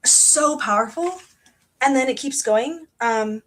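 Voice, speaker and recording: A young woman hosting a casual book club livestream, chatty and excitable with lots of fillers. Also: sits high, slow pace. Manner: chatty and excitable, many fillers, reads passages aloud.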